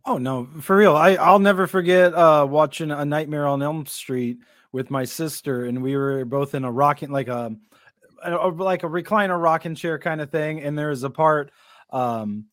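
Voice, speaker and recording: A man's voice: on the high side, a bit bright, no echo, clean studio sound. A man co-hosting a podcast, talking in a laid-back, slangy way and swearing casually. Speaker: podcast co-host. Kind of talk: casual chat.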